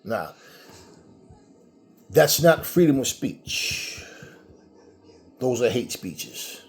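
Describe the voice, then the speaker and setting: A man's voice: medium pitch, very animated, very slow, soft background music. A man delivering a heated, profane commentary monologue, repeating himself as he argues. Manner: angry, profane, repetitive.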